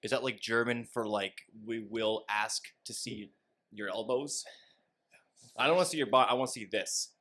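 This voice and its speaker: A man's voice: lowish voice, moderate pace, sharp tone. Joking young man. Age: 20s. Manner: rambling, joking, swears freely. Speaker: podcast co-host. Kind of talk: casual chat.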